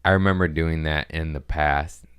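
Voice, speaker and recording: Deep-voiced profane man rambling. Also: steady tone, a bit bright, clean tone, dry recording, clean studio sound. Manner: profane, self-mocking, drifts between quick asides and mumbled lines. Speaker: podcast host. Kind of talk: casual rambling monologue.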